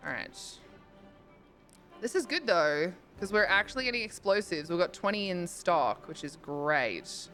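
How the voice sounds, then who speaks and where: A chatty young woman with a lowish voice streams a game live, thinking aloud as she plays. She greets viewers, swears casually and squeals at small wins. Faint game music plays behind her. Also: animated, a little slow, pushed and bright. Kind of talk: casual live-stream chat while playing.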